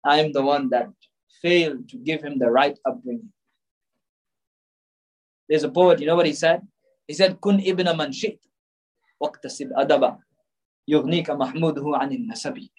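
Male preacher, high-pitched, emphatic sermon delivery with rhetorical questions. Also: moderate pace, long pauses, poor audio. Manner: emphatic, rhetorical questions, mixes in Urdu and Arabic phrases.

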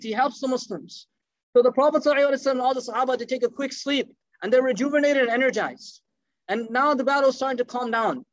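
Guy preaching fast and animated, voice sits high, kinda dull lo-fi sound. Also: no room sound. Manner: animated, acts out quoted speech, mixes Arabic phrases. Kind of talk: storytelling sermon.

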